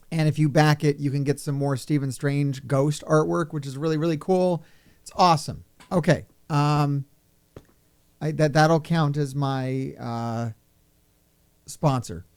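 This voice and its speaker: Gaming YouTuber, male, slightly high and smooth voice, rambling and profane, unscripted vlog delivery. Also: darkish tone. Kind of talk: off-the-cuff vlog chat.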